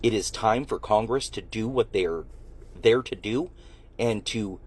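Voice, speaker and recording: A man's voice: lowish voice, measured pace, breathy edge. A man giving a firm, accusatory public statement that demands action. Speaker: political speaker.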